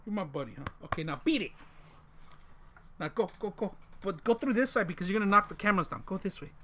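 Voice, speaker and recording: A man's voice: high voice, animated, fast, sharp tone, slight background noise. A man streaming live from home, joking with chat and tacking "man" onto his sentences, on a desk condenser mic with a pop filter. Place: home room with a dog.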